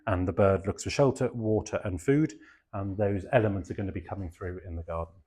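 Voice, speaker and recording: A man's voice: sits low, brisk, darkish tone. A middle-aged man from England with a southeast English accent, giving a rambling, self-deprecating talk with many fillers. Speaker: garden designer giving a talk. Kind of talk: chatty public talk.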